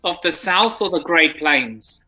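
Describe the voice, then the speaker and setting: A woman's voice: lowish voice, lively intonation, unhurried, pushed and bright, faint music behind. A woman on a casual call-in show, curious and full of questions.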